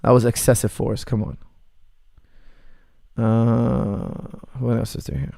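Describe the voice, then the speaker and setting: Male coach hosting a chat Q&A; gravelly voice, blunt and joking, dry close sound. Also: medium pitch, little pitch movement, slow pace, mellow, dry recording. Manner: blunt, joking, laughs often. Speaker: martial arts coach hosting a Q&A. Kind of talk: casual livestream Q&A, reading chat messages.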